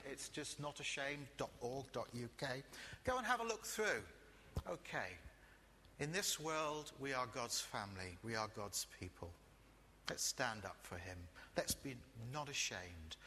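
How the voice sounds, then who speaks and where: A man preaching a sermon to a congregation, chatty and lively, with jokey asides and sudden quiet emphasis. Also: mid-range voice, long reverb tail, a little hiss or hum.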